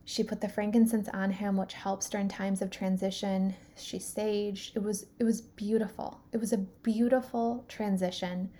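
A woman in her thirties retelling a personal story in a lively, animated way, full of fillers and acted-out quotes. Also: medium pitch, normal speed, hardly any pauses. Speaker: podcast host.

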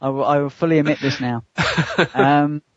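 A man's voice: a little high, fairly even intonation, moderate pace, dry recording, dull audio. A man in his thirties, chatty and laughing often as he tells a personal story in an interview, acting out the voices of the people in it. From United Kingdom. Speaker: co-host answering interview questions.

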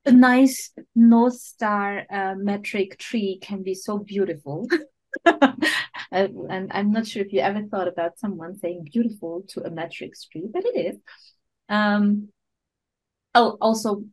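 A woman's voice: medium pitch, poor audio. A woman guest on a podcast interview, a product management coach, explaining ideas step by step with fillers, restarts and frequent laughter, sometimes searching for English words. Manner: laughs often while talking.

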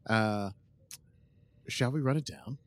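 A man's voice: on the low side, slow. A man co-hosting a podcast, joking dryly in casual chat and recapping an episode's plot. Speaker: podcast co-host.

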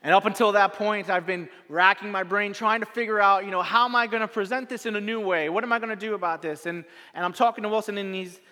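A man preaching a sermon as a pastor, telling a story with dramatic swings from loud to hushed and repeating his phrases for effect. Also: sits high, steady tone, fast talker, few pauses. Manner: repetitive rhetorical phrasing. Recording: long reverb of a large hall.

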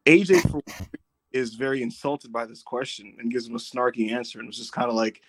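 A man hosting a podcast, telling stories in casual chat, animated, swearing and laughing often. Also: medium pitch, a little fast, slightly rough. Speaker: podcast host.

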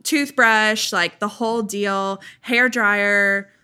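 A woman's voice: mid-range voice, slow pace, clean tone. A woman hosting a podcast, telling stories in casual chat and laughing often. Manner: animated storytelling, laughing often. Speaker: podcast host.

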